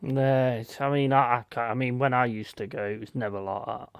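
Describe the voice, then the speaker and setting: A man hosting a live football watch-along stream, bantering bluntly with a co-host and shouting out viewers in chat. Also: medium pitch, steady tone, fairly quick, vocal fry, clear, resonant tone, dry recording.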